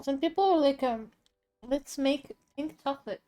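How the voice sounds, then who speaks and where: A woman's voice: sits high, normal speed, warm tone. A woman streaming live while she draws, chatting casually with her chat between bites and laughing often. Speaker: art streamer.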